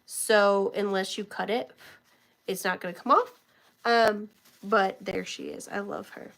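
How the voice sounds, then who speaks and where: Gravelly woman with a sore throat. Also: medium pitch, steady tone, unhurried, fairly bright tone. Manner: chatty, greets viewers by name while showing items. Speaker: online reseller hosting a live auction. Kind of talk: live-stream selling chat.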